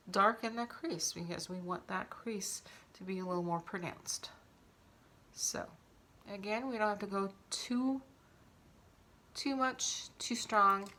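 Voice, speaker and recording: A woman chatting casually through a makeup tutorial at home, talking while she applies it. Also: mid-range voice. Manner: chatty, relaxed, talks while applying makeup.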